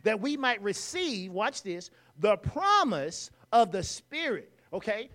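A man preaching a sermon in a church, leading the congregation in call-and-response and rising to loud exclamations. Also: sits high, sing-song, a little slow, few pauses.

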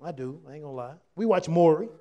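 A man with a notably high voice preaches a lively, animated sermon to his congregation. He talks in a relaxed, casual way and keeps acting out other people's voices, swinging between quiet asides and loud, emphatic points. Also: quick pace, muffled recording, crowd noise. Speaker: pastor. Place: church service with congregation.

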